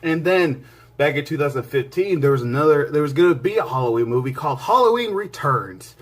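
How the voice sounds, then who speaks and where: Rambling, excitable man reviewing a movie. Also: a little high, a little fast. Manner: excitable and rambling, with many restarts and asides; enthusiastic fan, swings between loud bursts and quiet mutters. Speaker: movie reviewer and channel host. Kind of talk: casual spoken movie review.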